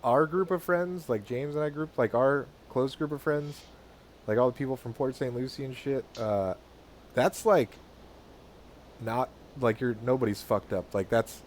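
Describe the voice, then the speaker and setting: A man's voice: medium pitch, moderate pace, slight background noise. A man as a podcast guest, chatting casually and rambling with lots of fillers. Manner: rambling, heavy use of fillers, relaxed. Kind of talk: casual chat.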